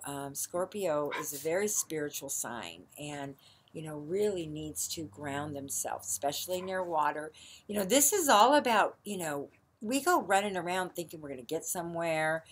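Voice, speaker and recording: A woman's voice: sits low, normal speed, a little hiss or hum. A middle-aged woman astrologer talking casually to her viewers, rambling with lots of fillers, recorded in a barn. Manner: rambling, many fillers like "you know" and "um".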